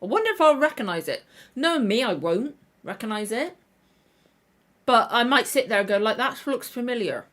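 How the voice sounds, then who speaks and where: A woman's voice: on the high side, sing-song, moderate pace, fairly bright tone. A tired woman with a slightly tender throat, hosting a casual livestream chat and rambling with frequent self-corrections. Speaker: reaction channel host.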